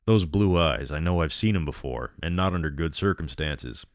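Very deep-voiced man reading a horror story. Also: expressive, moderate pace, no echo, studio quality. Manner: sardonic asides between reading. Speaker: story narrator.

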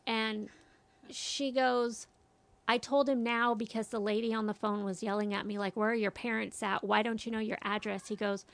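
A middle-aged mother recounts a story in casual conversation, quoting others as she goes. Her voice sits a little high and has a gravelly fry. The sound is dry, with no room echo. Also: little pitch movement, moderate pace. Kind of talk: casual chat.

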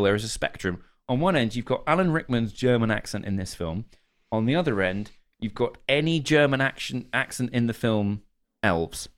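A man chatting on a podcast, telling playful stories and film trivia. His intonation is very animated, rising and falling freely around a middle pitch. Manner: playful, lively storyteller. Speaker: podcast co-host. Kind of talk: casual chat.

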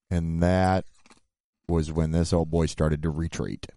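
Low-voiced man telling a lively road story. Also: measured pace, slight background noise. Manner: animated, rises sharply when quoting arguments. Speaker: band member telling road stories. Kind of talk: casual storytelling chat.

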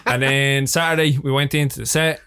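Animated young Irish man telling stories. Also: medium pitch, a little fast, smooth. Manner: animated storytelling, swearing, laughing often. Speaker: filmmaker guest. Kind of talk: casual interview chat.

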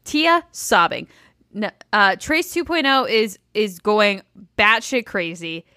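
A woman's voice: medium pitch, animated, slow pace, sharp tone, dry recording, studio quality. A woman co-hosting a casual recap podcast, incredulous and laughing, swearing casually. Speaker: podcast co-host.

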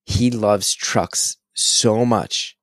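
A man in his thirties chatting casually, animated and excitable, swearing freely as he tells stories. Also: on the low side, drawn-out words, dry recording, studio quality. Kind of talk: casual conversation.

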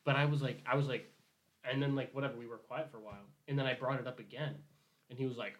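A man's voice: medium pitch, steady tone, fast, a bit bright. A young man in casual conversation, telling a work story in a rambling way. He swears freely and acts out what everyone said. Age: young adult. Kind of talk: casual chat.

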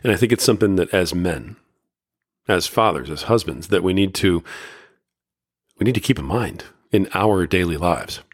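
A man's voice: sits low, expressive, normal speed, pauses often, breathy edge, dry recording, studio quality. A man hosting a podcast, retelling an old story in a loose, conversational way with lots of fillers. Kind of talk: casual talk retelling a Bible story.

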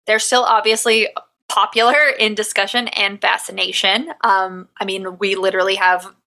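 Chatty bright-voiced woman podcaster. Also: medium pitch, little pitch movement, normal speed. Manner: chatty, laughs often, mixes history with jokes. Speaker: podcast co-host. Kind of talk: casual chat.

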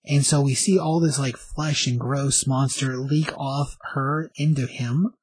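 A man's voice: medium pitch, fairly even intonation, a little slow, a little mellow, husky, dry recording, rough recording. A man casually recapping a comic book plot, rambling along with many fillers and restarts.

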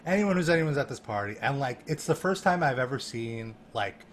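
A man telling a story in a casual chat, animated and laughing, full of fillers and restarts. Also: mid-range voice, a little fast, slight background noise. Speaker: guest.

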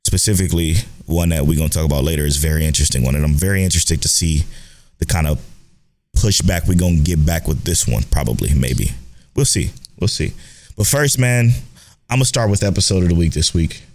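A young man co-hosting a casual podcast, animated and swearing freely as he chats. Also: rumbling low, quick pace. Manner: animated, swearing, laughing, self-mocking. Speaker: podcast co-host. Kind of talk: casual chat.

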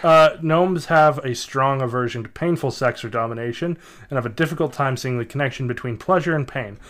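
A man's voice: mid-range voice, a bit bright. Giggly man reading aloud. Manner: reads haltingly, stumbles and giggles mid-sentence. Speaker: podcast co-host. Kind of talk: casual comedy chat, reading excerpts aloud.

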